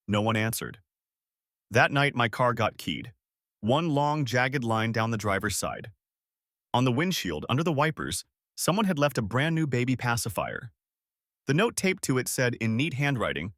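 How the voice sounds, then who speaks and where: Guy reading a storytime post, dramatic, lots of pitch swing, dry close sound. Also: animated, normal speed, a bit bright, dry recording. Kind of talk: first-person story narration.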